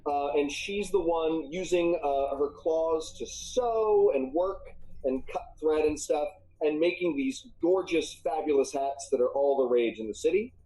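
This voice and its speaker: Male game master, mellow low-bright tone, halting narration full of ums. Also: faint music behind, rough recording. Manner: halting, many ums and uhs. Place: live stream.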